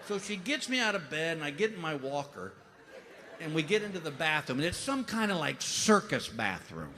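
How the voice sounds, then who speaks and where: A middle-aged man telling stand-up comedy stories, animated and acting out voices with big outbursts. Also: high-pitched, a little fast, in a large hall. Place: comedy stage before a laughing audience. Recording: live show with clear audience noise.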